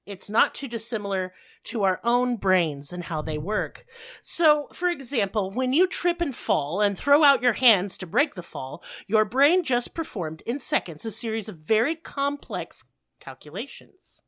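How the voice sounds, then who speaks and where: A woman's voice: medium pitch, big pitch swings, a little slow, a bit bright. Profane, ranting woman podcast host. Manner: profane, ranting, emphatic explainer. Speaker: podcast co-host explaining a topic. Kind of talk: casual podcast chat.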